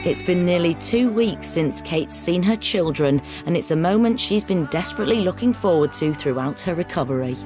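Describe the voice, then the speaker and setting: A woman with a lowish voice delivers measured, serious scripted narration. Her voice-over sits over a clear music bed. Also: animated.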